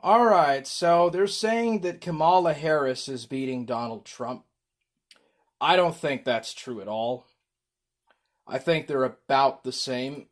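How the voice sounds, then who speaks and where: A man talks casually to his livestream chat, drawing his words out slowly. He rambles and fills gaps with ums, in an even middle register. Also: medium pitch. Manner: rambling, slow, with frequent ums.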